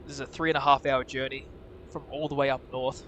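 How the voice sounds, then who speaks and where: A man with an Australian accent giving relaxed live commentary on planes at an airport and chatting with viewers. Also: mid-range voice, fast, a little hiss or hum. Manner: relaxed, chatty, thanks viewers, frequent uh fillers. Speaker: co-host of a plane-spotting livestream. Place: outdoors at an airport car park.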